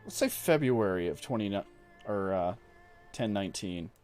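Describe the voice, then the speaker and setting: A man's voice: fairly low pitch, expressive, normal speed, a little mellow, soft background music. A man streaming a strategy game, chatting casually and reading game text aloud as he plays. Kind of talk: casual gameplay commentary.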